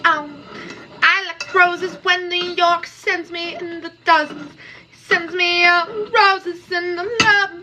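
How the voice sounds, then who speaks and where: A woman's voice: very high-pitched, steady tone, takes it slowly, noisy background. A woman live-streaming from her kitchen, chatting casually with viewers and playfully scolding them as she cooks. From Canada. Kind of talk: casual live-stream chat while cooking.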